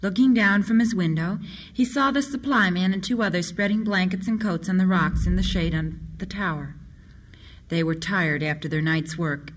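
Woman narrator, audiobook, adventure story, steady, measured. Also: on the low side.

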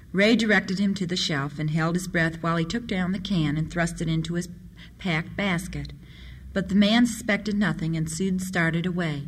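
A storyteller reads children's tales aloud, steady and expressive, with a voice that sits in the middle range. The reading moves along evenly from one tale to the next. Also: medium pitch, moderate pace, a little hiss or hum.

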